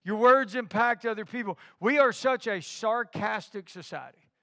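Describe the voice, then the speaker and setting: A middle-aged male pastor preaches with a strikingly high, bright voice that carries a gravelly rasp. He builds his sermon on repeated rhetorical questions. The sound is dry and close, with no room around it. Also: normal speed, no room sound.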